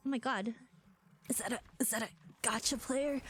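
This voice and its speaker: A young adult woman streaming as a VTuber, chatting casually in an animated way with lots of fillers. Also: very high-pitched, a little fast, a little hiss or hum. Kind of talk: casual live-stream rant.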